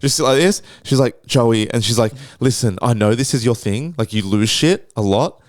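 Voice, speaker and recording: In studio-quality audio with no room sound, a young Australian man speaks at a medium pitch and moderate pace. As a podcast host, he tells a story casually and animatedly, swearing freely and doing voices for the quotes.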